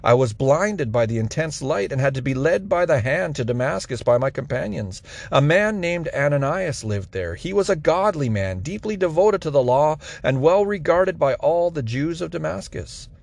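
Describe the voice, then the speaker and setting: The apostle Paul gives an earnest defense of himself, read by a man in his plain reading voice. The voice is gravelly and sits a little high. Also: expressive, moderate pace, few pauses, darkish tone, dry recording. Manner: earnest first-person testimony.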